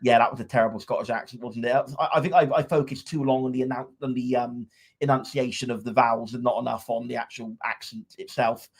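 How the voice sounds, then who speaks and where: A man's voice: mid-range voice, steady tone, quick pace, vocal fry. A man co-hosting a casual podcast from a room at home. He talks in a wry, opinionated way, rambling with many restarts. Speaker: podcast co-host.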